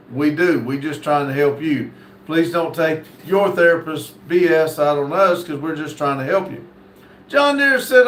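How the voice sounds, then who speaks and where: A man's voice: fairly high pitch, a little hiss or hum. A man from North Carolina, hosting a livestream and reading chat messages aloud in a folksy, easygoing way with many fillers. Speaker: livestream host. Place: indoor room. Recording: echoey room.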